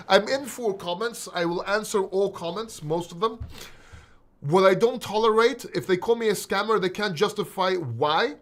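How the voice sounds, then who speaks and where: A man hosting a casual crypto livestream, reading chat aloud in a talkative, blunt way and swearing freely. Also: sits high.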